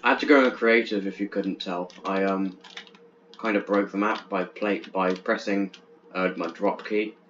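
A man's voice: low voice, normal speed. Young man, gaming commentary, chatty, stammers, dull lo-fi, faint hiss. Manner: chatty, jumpy, stammers when excited. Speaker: gaming channel host. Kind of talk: let's play commentary.

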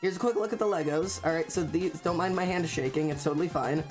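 Hyped-up streamer chatting live, fast and stammering, mid-pitched voice over faint background music. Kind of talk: casual livestream chat.

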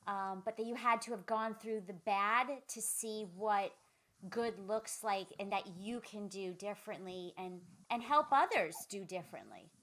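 A woman hosting an interview podcast, speaking at an ordinary pitch. She affirms her guest and sums up the lessons in an encouraging, conversational way. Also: moderate pace, fairly bright tone. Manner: affirming, summarizes the guest's points. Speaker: podcast host.

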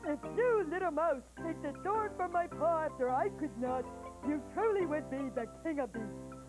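A woman's voice: high-pitched, animated, moderate pace, over music, poor audio. A haughty king lion, voiced by a woman. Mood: commanding. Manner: roaring, haughty royal speech. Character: big proud male lion, king of beasts.

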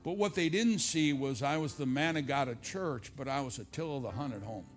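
An older man preaching a sermon to a congregation, rising on repeated lines and dropping low and confiding when he tells a story. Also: fairly quick, soft background music. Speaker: pastor. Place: church stage before a congregation.

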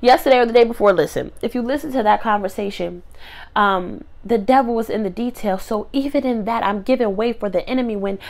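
A woman's voice: a little high, fairly quick, a little mellow. A woman speaking to her phone camera, near tears, giving a heartfelt faith-based motivational talk with repeated preacher-like builds. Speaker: motivational vlogger.

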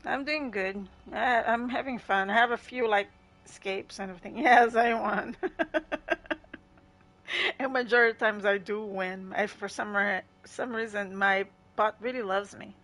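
Medium-pitched and fairly bright, this gaming livestreamer keeps a steady tone at a moderate pace. She chats casually with viewers as she plays, laughs often and greets chatters by name.

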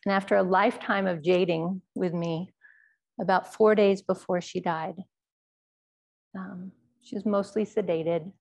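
A woman Zen teacher speaks at a middle pitch, her voice often sinking into a gravelly fry. She tells a personal story in a dharma talk, quiet and measured, pausing often as she speaks. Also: steady tone.

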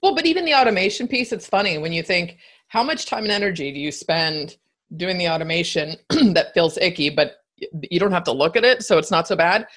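A woman hosts a podcast in a relaxed, chatty way and laughs often. Her voice sits low for a woman. She sounds friendly and conversational. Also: a little fast. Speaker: podcast host. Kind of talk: casual conversation.

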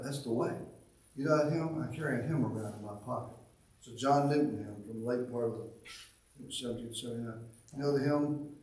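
A pastor preaching a sermon, swelling to loud emphatic lines and dropping into quick quiet asides. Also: male voice, mid-range voice. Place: church sanctuary. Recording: echoey church from a distant mic.

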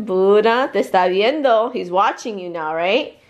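A woman chatting in a family vlog, excitable and laughing a lot, switching between English and Spanish. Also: medium pitch, normal speed, reverberant, highs cut off. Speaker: family vlogger. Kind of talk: casual family chat.

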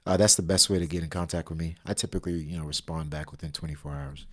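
A man talking as a podcast guest in a relaxed, casual way, with lots of fillers. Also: very deep voice. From Sierra Leone. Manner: relaxed, filler-heavy, spells things out slowly. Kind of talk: casual interview talk.

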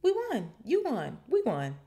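A woman voicing an excited boy wizard in a storybook reading, shouting his news gleefully. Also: lowish voice, brisk, lightly acted. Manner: loud, gleeful.

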